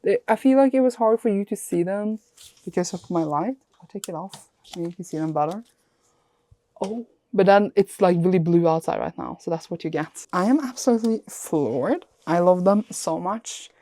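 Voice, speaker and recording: A young woman chats in a reading vlog at home, gushing and excitable as she talks about her books. Her voice sits a little low, and she often breaks off mid-sentence. The sound is dry and close, with no room echo. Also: normal speed. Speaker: book vlogger.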